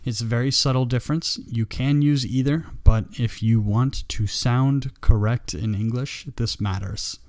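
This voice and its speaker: A man teaching a live English grammar lesson, patient and slow, repeating example sentences for learners. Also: mid-range voice, fairly even intonation, darkish tone, no echo, studio quality. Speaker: ESL teacher.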